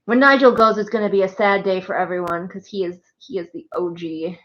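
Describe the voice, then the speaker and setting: A woman's voice: medium pitch, fairly even intonation, a little fast, highs cut off. Chatty woman streamer, laughing often. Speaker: streamer and writer. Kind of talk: casual chat on a birthday live stream. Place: home with pets.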